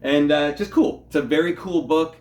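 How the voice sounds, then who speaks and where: A man's voice: on the high side, normal speed, a little mellow, echoey room. A man co-hosting a casual comic book talk, enthusiastic and rambling, with frequent laughs. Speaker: co-host of a comic collecting show. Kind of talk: casual chat.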